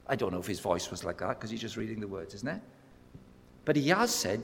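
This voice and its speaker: Gravelly preacher in an echoey hall. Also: male voice, mid-range voice, normal speed. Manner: lively storytelling, acts out voices, builds to loud emphatic peaks. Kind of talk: sermon.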